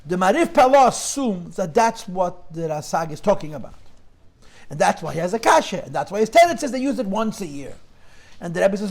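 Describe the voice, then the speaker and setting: High-voiced man teaching a Torah class. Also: big pitch swings, fairly quick, creaky. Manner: mixes English with Yiddish and Hebrew terms, questioning.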